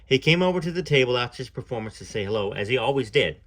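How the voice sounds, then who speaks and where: A man narrating a book aloud at a measured pace, telling the story in the first person. He sometimes breaks off to add his own comments between passages. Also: medium pitch, lively intonation, fairly bright tone.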